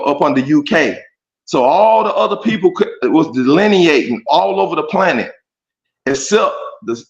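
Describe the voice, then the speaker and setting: A man in a heated debate who talks insistently, repeats himself and stresses that he is being respectful. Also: mid-range voice. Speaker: debate participant. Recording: echoey, dull lo-fi audio.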